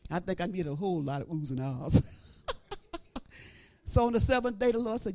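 A middle-aged woman preacher giving an animated testimony, breaking into praise and shouting at the peaks. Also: on the high side, normal speed. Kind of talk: testimony sermon.

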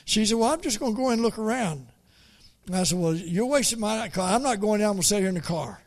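A man's voice: sits high, expressive. Folksy man telling a sermon story. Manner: folksy, halting with many repeated starts. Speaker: preacher.

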